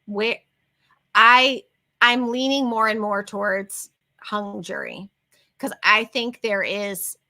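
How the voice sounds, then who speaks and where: A woman's voice: medium pitch, slow pace, bright, forceful tone. A woman co-hosting a casual livestream chat, talking in long, rambling tangents. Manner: chatty, wanders into tangents. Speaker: co-host.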